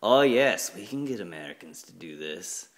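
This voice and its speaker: A man's voice: deep voice, lively intonation, normal speed. A man doing a sinister baby-eating mad scientist. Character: evil bald male scientist who eats babies.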